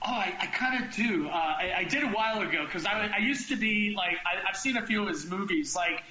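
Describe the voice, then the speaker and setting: A male podcast host with a high, bright voice, talking loosely and circling back over his own words. The sound is roomy and a bit dull, with faint noise underneath. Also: lively intonation, a little fast. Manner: rambling, with restarts and filler words. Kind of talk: casual comedy podcast chat.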